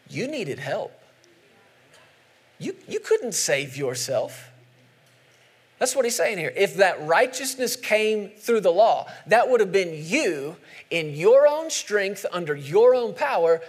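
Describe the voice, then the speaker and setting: High-voiced male pastor preaching, emphatic, keeps asking the crowd questions. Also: husky. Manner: emphatic, asks the audience questions, slows down for scripture. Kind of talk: sermon.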